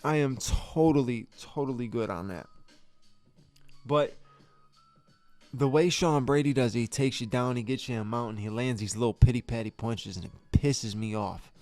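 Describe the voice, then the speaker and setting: Soft background music plays as a podcast host with a darkish, medium-pitched voice speaks at normal speed in a studio. His casual fight review comes out exasperated and profane, full of stammers and restarted sentences.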